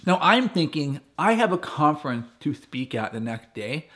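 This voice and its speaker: A man with a fairly high voice tells a personal story to a camp crowd as a guest speaker. He keeps it conversational and playful, leaning on humor as he goes. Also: sing-song, moderate pace, hardly any pauses, fairly bright tone. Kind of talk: personal storytelling talk to campers.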